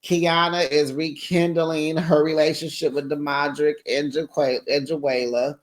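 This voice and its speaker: A sassy host recapping a reality show in a breezy, gossipy way, calling viewers honey and girl. The voice sits in a middle register and the talk stays lively and opinionated throughout. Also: mid-range voice, unhurried, slight background noise. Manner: talks in a breezy, chatty way. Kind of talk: casual gossipy TV recap commentary.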